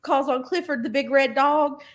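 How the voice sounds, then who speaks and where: A woman's voice: high voice, normal speed. A woman co-hosting a readathon stream, chatting casually with a friend in teasing, laughing banter. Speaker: readathon co-host. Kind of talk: casual chat.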